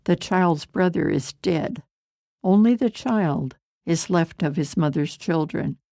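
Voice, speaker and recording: Storybook: woman voicing a grown man begging earnestly, slow and raspy-edged, dry. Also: fairly low pitch, mellow, no echo. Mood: pleading. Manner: earnest, pleading. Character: Judah, grown man pleading for his brother.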